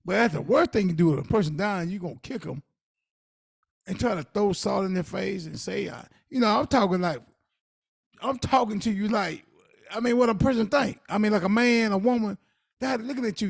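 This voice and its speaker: A middle-aged man is co-hosting a podcast, speaking with emphatic, animated energy. His voice is gravelly and rough, pitched high for a man, and it swings widely as he tells his stories. The recording is dry and close. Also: dry recording. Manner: emphatic, animated storytelling with dialect speech. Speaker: podcast co-host. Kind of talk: casual conversational advice.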